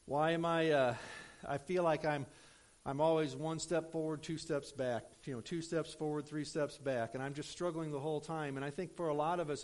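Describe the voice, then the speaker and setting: A man preaching a sermon in a conversational, storytelling way, with frequent fillers and asides to the congregation. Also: on the high side. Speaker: pastor.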